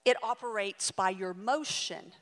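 A woman voicing a matter-of-fact male jeweler in a sermon, speaking lower and patiently explaining. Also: unhurried, fairly bright tone, long reverb tail, close to an everyday voice.

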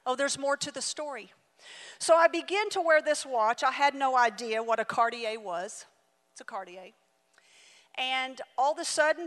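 A woman in her forties preaching a sermon and telling a story, swinging dramatically between loud and hushed delivery. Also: high-pitched. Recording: reverberant hall.

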